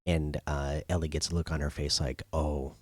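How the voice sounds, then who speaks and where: Low-voiced man in a casual recap. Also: little pitch movement, a little fast, a little mellow, no echo. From not British. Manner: loose, filler-heavy retelling. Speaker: host.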